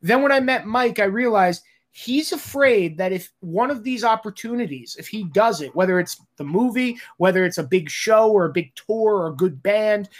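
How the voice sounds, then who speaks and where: A man's voice: high voice, animated, moderate pace, hardly any pauses. A man, a film director, talking candidly in an interview, blunt and exasperated, swearing freely and acting out the conversations he recounts. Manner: acts out quoted exchanges.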